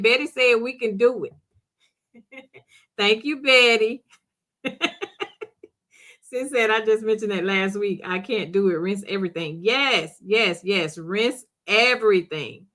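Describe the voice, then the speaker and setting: Bright-toned middle-aged woman, chatty live-chat host who answers viewer comments directly and laughs often. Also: a little high, slow pace. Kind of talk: casual chat.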